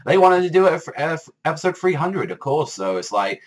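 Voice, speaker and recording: A man's voice: a little high, very animated, a little fast. A man casually reviewing an anime episode, rambling and swearing a lot. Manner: rambling, heavy swearing, many "like" fillers.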